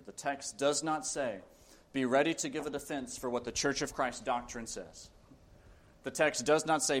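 A man preaching a sermon, reading scripture aloud and pressing his points with earnest, emphatic repetition. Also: medium pitch.

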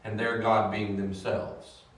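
Man teaching a Bible class, hesitant then animated; distant mic, very echoey room. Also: fairly low pitch, takes it slowly. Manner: hesitant with many fillers, grows animated.

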